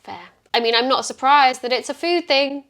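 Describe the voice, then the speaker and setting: A woman's voice: high voice, normal speed. Playful woman hosting a chat. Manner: playful, jokey, animated reactions. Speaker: host. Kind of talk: casual chat.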